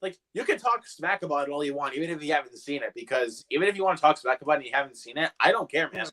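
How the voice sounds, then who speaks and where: A young man co-hosting a casual live movie chat, talking haltingly with lots of fillers and slangy asides. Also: fairly high pitch, expressive, sharp tone. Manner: hesitant, many fillers, says bro and dude. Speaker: movie review co-host.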